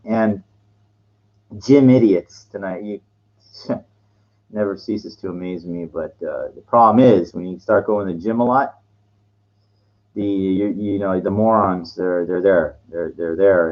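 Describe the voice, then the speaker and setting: A man's voice: low-pitched, moderate pace, highs cut off. A man talking casually to his vlog audience, rambling through fillers and restarts and laughing at his own jokes. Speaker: vlogger.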